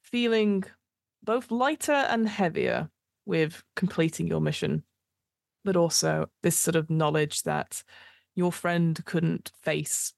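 A woman's voice: fairly low pitch, slow, vocal fry, no room sound, clean studio sound. A woman as game master, improvising tabletop game narration in a descriptive, meandering way. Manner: descriptive, meandering, with frequent fillers.

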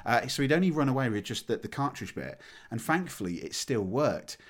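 A man on a podcast telling a story with lots of energy, laughing and swearing as he gets excited. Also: medium pitch, brisk. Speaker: podcast co-host. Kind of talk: casual storytelling chat.

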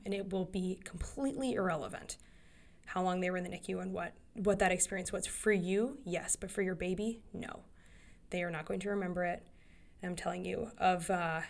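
Woman in her thirties, solo podcast host, earnest, rambling, lowish voice. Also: gravelly.

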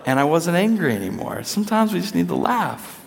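A man's voice: sits high, sing-song, fairly quick, gravelly. A man in his thirties preaching a conversational sermon, acting out quotes with playful voices. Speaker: pastor. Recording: long hall reverb.

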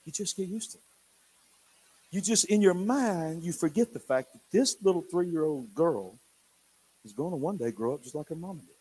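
An older male pastor with a notably high voice preaches in church. He tells stories animatedly, dropping to a near whisper, then booming out. His delivery is expressive and conversational. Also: moderate pace, slightly rough. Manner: animated, swinging from hushed to loud. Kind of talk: sermon storytelling.

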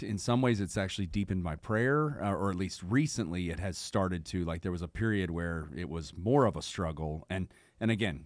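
Deep-voiced man, measured and reflective. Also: dry recording. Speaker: podcast co-host. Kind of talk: casual chat.

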